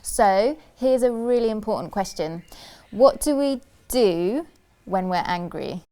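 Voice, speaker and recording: A woman delivers a scripted children's church lesson. She talks gently and keeps asking the listener questions. She repeats short phrases in a steady rhythm, with a voice of ordinary pitch. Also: unhurried, very noisy. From United Kingdom. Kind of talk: scripted kids' talk.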